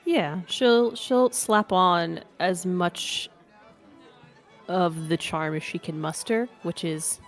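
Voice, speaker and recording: A woman's voice: on the low side, slow, faint music behind. A woman playing in a tabletop game, playful and chatty as she describes her character. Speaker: player.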